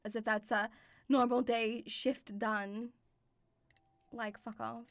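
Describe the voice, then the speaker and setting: A woman's voice: a little high, level tone, takes it slowly, no room sound. A woman streamer reacting to a video, swearing freely, shrieking and laughing in fright and calling her viewers sweetie. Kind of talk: casual reaction commentary.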